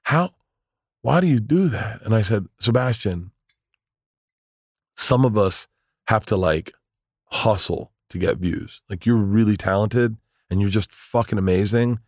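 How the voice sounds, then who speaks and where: A man in his forties, a comedian, telling stories in a casual interview, animated and swearing, acting out the voices of people he quotes. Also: on the low side, measured pace, pauses often, no echo, studio quality. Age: 40s. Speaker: comedian guest.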